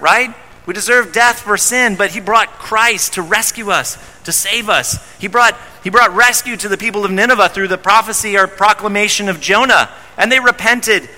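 A man's voice: high voice, bright, forceful tone. A man preaching a sermon as pastor, emphatic and often repeating words as he starts phrases. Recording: long hall reverb.

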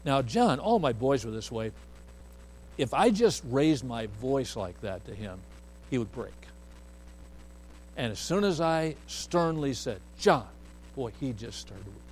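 A man's voice: mid-range voice, animated, a little slow, a little mellow, slight background noise, low-quality recording. A man preaching, telling a family story in a folksy way and acting out the voices of the people he quotes. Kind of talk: storytelling sermon.

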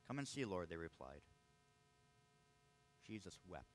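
A man's voice: sits low, very animated, a little slow, slight background noise. A man preaching a sermon, earnest and emphatic, often restarting his words as he presses a point. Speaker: pastor.

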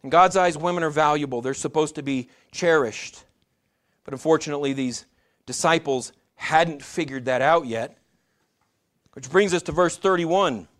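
A man delivering a sermon in an earnest, direct way, speaking to his congregation as brothers and sisters. His voice sits a little higher than most men's. He often doubles back and restarts phrases as he preaches. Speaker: pastor.

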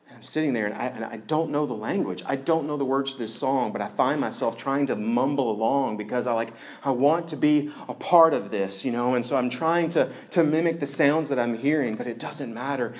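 A man preaching a sermon as a story, animated, going from loud outbursts to hushed tones. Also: medium pitch. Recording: echoey room.

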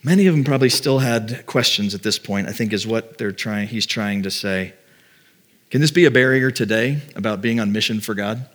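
A man's voice: lowish voice, moderate pace, a bit bright. A middle-aged man preaching a sermon as pastor, talking in a conversational way and acting out doubts in quoted voices.

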